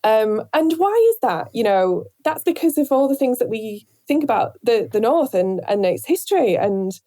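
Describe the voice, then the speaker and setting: A woman from Northern England with a softened Northern accent, talking reflectively in an interview, searching for words with many pauses and restarts. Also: on the high side, very animated. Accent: Northern English, softened. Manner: thoughtful, hesitant, many fillers and restarts. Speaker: radio presenter, guest.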